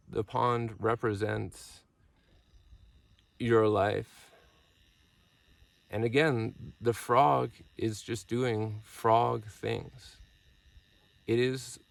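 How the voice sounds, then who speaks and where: Man, 30s, unhurried mindfulness teacher, very gravelly and halting. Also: lowish voice, dry recording, distant mic. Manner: halting, musing, self-deprecating. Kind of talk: reflective talk with parables.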